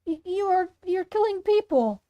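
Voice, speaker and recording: A woman's voice: very high voice, lively intonation, normal speed, warm tone, highs cut off, voice pushed up. A woman voicing a frightened young victim confronting a killer, in a shocked, pleading voice while reading a fan story aloud. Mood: alarmed.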